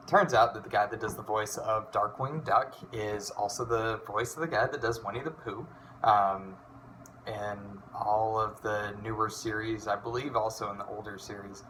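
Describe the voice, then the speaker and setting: A man's voice: lowish voice, moderate pace, bright, forceful tone, slight background noise. A man in his twenties chatting casually in a vlog, rambling and swearing with lots of fillers. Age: 20s. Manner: rambling, profane, many fillers. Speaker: hobby voice impressionist.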